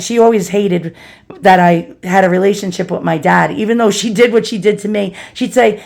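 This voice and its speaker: A woman's voice: medium pitch, moderate pace, vocal fry, darkish tone. A middle-aged woman vlogger telling a personal story, chatty and earnest, calling her listeners boys and girls. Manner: earnest, confessional.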